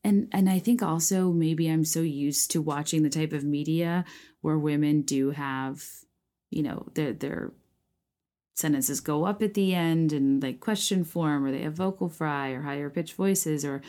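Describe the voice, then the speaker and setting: A woman in her thirties chatting casually as a podcast host, rambling with lots of fillers, restarts and "like", with a touch of vocal fry. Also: low voice, unhurried, warm tone. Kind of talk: casual chat, reacting to listener prompts.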